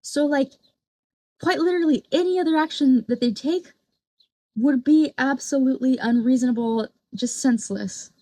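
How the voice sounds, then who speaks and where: A woman's voice: high voice, normal speed, mellow, dry recording. A woman giving casual reaction commentary on a clip, with a blunt, profane and mocking manner.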